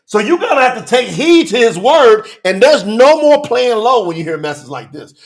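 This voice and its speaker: A man preaching a sermon, reading scripture verses and commenting on them with emphatic rhetorical questions and bursts of shouting. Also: extremely high pitch, sing-song, moderate pace. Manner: breaks into shouting.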